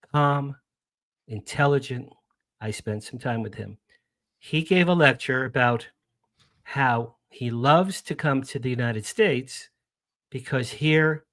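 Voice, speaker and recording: A man's voice: medium pitch, fairly bright tone, no echo, studio quality. Chatty enthusiastic male guest. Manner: chatty, enthusiastic, rambling with restarts. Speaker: guest, publicist. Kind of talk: casual radio interview chat.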